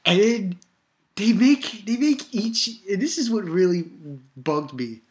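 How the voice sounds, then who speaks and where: A woman giving a casual, excitable manga review, laughing often and acting out lines. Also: medium pitch, a little slow.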